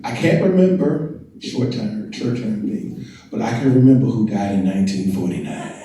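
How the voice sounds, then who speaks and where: Older guy joking around with the crowd, warm dark voice, big echoey hall. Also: fairly low pitch, moderate pace, a little hiss or hum. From North Carolina and Washington, D.C. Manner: chatty, self-deprecating, jokes with the crowd. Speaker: guest speaker, family historian. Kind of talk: casual speech to an audience. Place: large event hall. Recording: echoey hall, mic heard from a distance.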